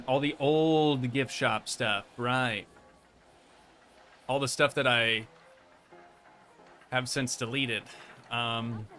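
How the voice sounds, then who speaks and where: Bright-voiced, tired streamer guy. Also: mid-range voice. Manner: relaxed, rambling, self-amused. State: tired at the end of a long stream. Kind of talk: casual live-stream chat while building a theme park.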